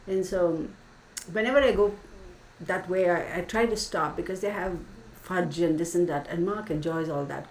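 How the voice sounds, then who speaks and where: Far from the mic in an echoey, faintly hissing room, a woman with a low, slightly mellow voice hosts a relaxed livestream. She's chatty, telling stories, laughing frequently and throwing in "y'all."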